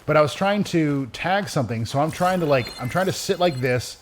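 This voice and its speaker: A man co-hosting a let's play, chatting casually and rambling, with lots of restarts and animated retellings. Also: a little high, brisk, a little hiss or hum. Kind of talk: casual gameplay commentary.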